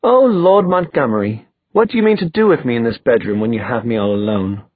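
A man's voice: mid-range voice, expressive, a little fast, breathy edge. A man voicing a bold, teasing young woman in an audiobook, playful and theatrical. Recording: dry, phone-like thin sound.

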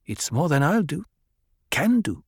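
A man's voice: big pitch swings, unhurried, vocal fry, breathy edge, dry recording, full character voice. A man voicing an anxious, proud young desert woman in a raised, insistent voice, in a dry recording. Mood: wary. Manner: pleading, insistent, high put-on voice.

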